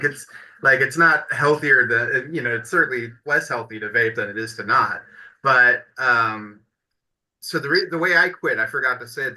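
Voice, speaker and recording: Man, mid pitch, very bright and sharp, chatty and loose. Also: poor audio. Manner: relaxed, chatty, many "like" and "you know" fillers. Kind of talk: casual chat.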